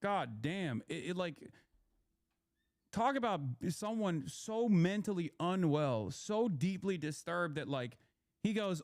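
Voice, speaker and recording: A man's voice: sits high, animated, takes it slowly, dry recording, studio quality. A young man, a political commentator, ranting in a heated, profane, rambling way on a stream.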